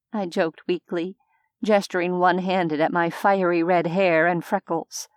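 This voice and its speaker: A woman narrating an audiobook in first person, even and unhurried. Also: on the low side, clean tone, no echo, clean studio sound.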